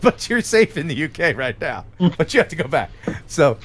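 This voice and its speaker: A man's voice: a little high, normal speed, slight background noise. A man from the United States hosting a casual live-stream chat show, joking and laughing often. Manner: jokey, laughs often, animated. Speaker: host.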